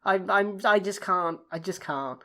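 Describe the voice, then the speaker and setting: A woman's voice: a little slow, pushed and bright. A woman from the UK co-hosting a wrestling podcast, ranting in casual chat with lots of swearing and exasperation. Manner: sweary, exasperated, swinging pitch. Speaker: podcast co-host.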